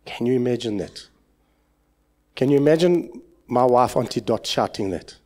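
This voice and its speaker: A man's voice: lively intonation, moderate pace. Impassioned South African man preaching. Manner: impassioned, swings between loud exclamations and low asides. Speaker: pastor. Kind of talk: sermon. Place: church.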